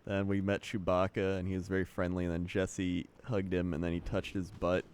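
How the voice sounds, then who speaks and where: A man's voice: sits low, monotone, brisk, a little mellow, clear, resonant tone. A young man streaming, telling a rambling story in casual chat and laughing often.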